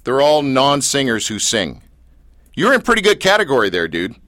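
Male interviewer, excitable fan energy, slangy, bright tone, dry sound. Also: mid-range voice, normal speed, no echo. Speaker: interview host. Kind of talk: casual interview chat.

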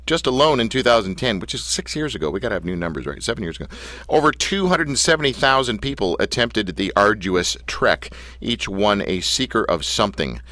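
A male radio host with a fairly low, slightly bright voice leads a casual interview show, heard on a dry recording. He rambles playfully through stories and ribs his guest.

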